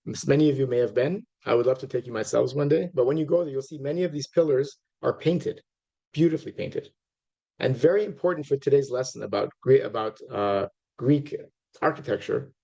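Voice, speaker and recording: A middle-aged man gives a relaxed, rambling lecture, often stopping to restart his sentences and turning to speak straight to his audience. His voice has a gravelly, creaky edge, and his pitch sits at an ordinary middle level for a man. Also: highs cut off. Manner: conversational, many fillers and restarts, asides to audience. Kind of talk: informal lecture.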